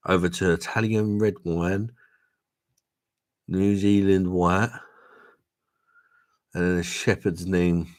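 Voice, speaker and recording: A man hosting a casual drinking livestream, tipsy, laughing often and calling people "mate". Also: sits low. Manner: swearing, laughing, says "mate" a lot. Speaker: livestream host reading viewer comments. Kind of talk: casual chat.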